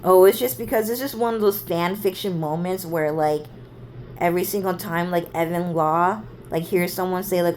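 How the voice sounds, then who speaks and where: A young woman vlogger with a fairly low, darkish-toned voice tells a rambling family story at normal speed. She curses freely and leans heavily on "like" and "dude" in this casual monologue. Slight background noise is present.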